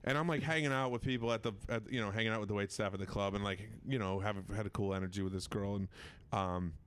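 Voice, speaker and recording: A man's voice: on the low side, fairly even intonation, fast talker, fairly bright tone, clean tone, no room sound. A man telling a crude story on a comedy podcast, rambling and laughing at himself. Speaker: comedian guest. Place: festival recording room.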